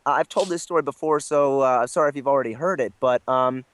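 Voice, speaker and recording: A man's voice: mid-range voice, quick pace, no room sound. Self-deprecating man telling a rambling story. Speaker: guest voice actor. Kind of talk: casual storytelling interview.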